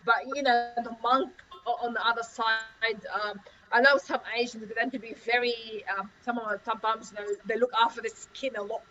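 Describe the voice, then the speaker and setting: A woman's voice: fairly high pitch, fairly even intonation, normal speed, sharp tone, a little hiss or hum. A woman on a group call, giving a rambling answer full of repeated fillers. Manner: rambling, repeats "obviously" and "you know". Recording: dull, muffled call audio.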